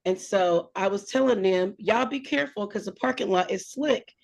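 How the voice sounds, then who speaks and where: A woman co-hosting a casual talk show, telling a church story in an animated way and laughing often. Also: mid-range voice, moderate pace, gravelly. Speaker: podcast co-host.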